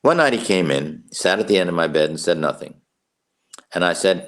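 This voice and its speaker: Older male professor, low-pitched, wry and rhythmic storyteller giving a writing talk. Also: brisk. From New York. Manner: storytelling, repeats phrases for rhythm, wry asides. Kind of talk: master class talk.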